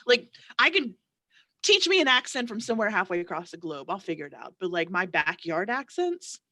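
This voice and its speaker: A woman's voice: mid-range voice, very animated, fairly quick, pushed and bright, no echo. A woman playing tabletop games, chatting animatedly and with self-deprecating laughs. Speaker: tabletop game player. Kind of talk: casual chat.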